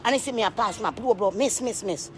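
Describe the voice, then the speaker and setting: A woman's voice: mid-range voice, fast talker, slight background noise. A woman, a vlogger telling a rambling story to camera with emphatic, repetitive, preachy asides.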